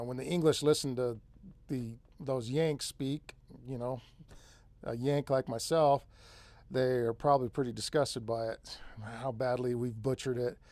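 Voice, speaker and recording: Casual and rambling, a central Californian man hosts an off-grid live stream and keeps saying "man" and "dude." His mid-range voice has a darkish tone, with no room sound.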